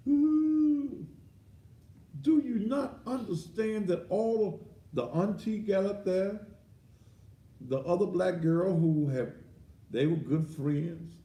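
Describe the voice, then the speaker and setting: A man's voice: fairly high pitch, animated, takes it slowly, warm tone. Indignant man ranting in an echoey room. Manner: indignant, blunt, crude. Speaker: commentary show host. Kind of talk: ranting commentary.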